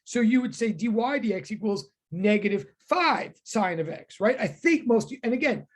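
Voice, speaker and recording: A woman teaching a physics class online, talking in quick self-correcting bursts. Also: a little high, expressive.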